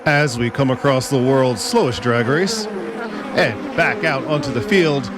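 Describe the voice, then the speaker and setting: A man's voice: mid-range voice, measured pace. A man doing sim racing play-by-play commentary with jokey, sarcastic asides. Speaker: race commentator. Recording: loud race engine noise. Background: race car engine noise.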